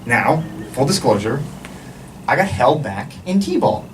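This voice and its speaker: A young man telling a stand-up story on a club stage, animated and lively, mimicking the people in it. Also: medium pitch, unhurried. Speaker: stand-up comedian. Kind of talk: stand-up comedy set. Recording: distant mic with background noise.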